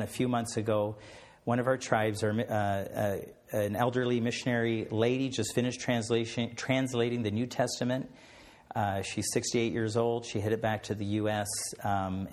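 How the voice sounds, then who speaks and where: A middle-aged man with a low-pitched voice speaks to a congregation as a missionary pilot. He hesitates often, filling pauses and restarting his sentences, and ends with a plain spoken prayer. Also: a little mellow. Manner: hesitant, many fillers and restarts. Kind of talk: mission testimony and closing prayer.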